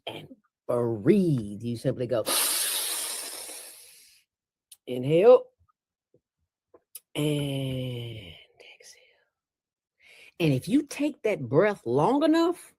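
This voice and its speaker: A woman as an interview guest, talking in a playful, preachy way with sudden jumps in pitch. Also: a little mellow, breathy edge, no echo. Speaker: interview guest, nonprofit founder. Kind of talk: casual interview talk.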